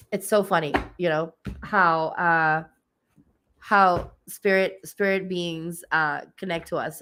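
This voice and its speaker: A woman's voice: fairly low pitch, a bit bright. Chatty, giggly woman livestream host. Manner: chatty and giggly, with many fillers. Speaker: livestream host and spiritual reader. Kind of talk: casual livestream chat.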